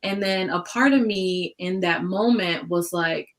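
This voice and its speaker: Woman, slightly low voice, casual book club chat, hesitant, video call. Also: moderate pace, few pauses. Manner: hesitant, searching for words, laughs often.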